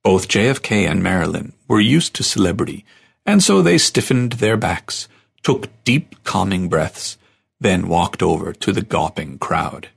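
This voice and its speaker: A man reading a story aloud as audiobook narrator, in a measured storytelling manner. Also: low voice, lively intonation, creaky, slightly rough.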